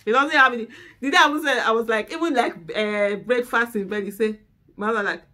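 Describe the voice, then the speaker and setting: A woman with a Nigerian accent chatting candidly to the camera as host, openly emotional and laughing loudly. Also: on the high side, brisk, a little hiss or hum.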